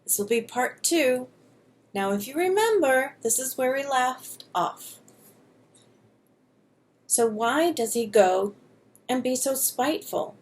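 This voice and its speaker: Woman storybook reader, friendly and direct, slow delivery, somewhat high voice. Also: lively intonation. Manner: friendly, addresses listeners directly. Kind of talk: reading a children's book aloud.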